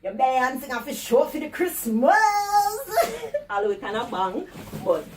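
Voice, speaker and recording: A woman, talking in lively, sing-song patois in a comedic phone-call skit. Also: high-pitched, takes it slowly, far from the mic, slight background noise.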